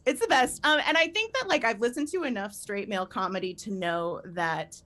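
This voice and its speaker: A woman in her thirties performing a live stand-up set, animated and laughing through her punchlines. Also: on the high side, brisk. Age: 30s. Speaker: stand-up comedian.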